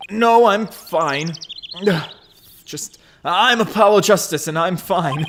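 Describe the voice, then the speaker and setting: A man's voice: sits high, slow pace, a bit bright, slight background noise. A young man hosting a game playthrough, reading the hero's lines aloud earnestly. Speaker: let's play host. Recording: game music playing behind. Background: game music.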